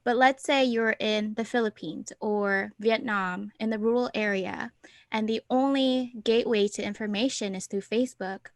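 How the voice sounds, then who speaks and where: A woman co-hosts a casual podcast, talking in an animated, thinking-aloud way. Her voice sits in the middle of the range. The sound is dry and close, with no room echo. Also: mid-range voice, normal speed. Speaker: podcast co-host. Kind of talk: casual chat.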